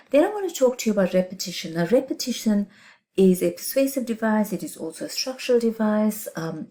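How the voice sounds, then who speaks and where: A woman's voice: mid-range voice, darkish tone. A middle-aged woman teaching an exam revision lesson, explaining with examples and often checking in with "right?". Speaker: English teacher.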